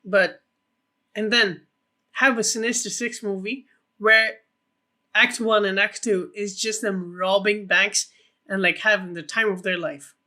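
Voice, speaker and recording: High, bright-voiced excitable man. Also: a little slow. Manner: excitable, rambling, swears a lot. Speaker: podcast co-host. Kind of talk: casual film podcast chat.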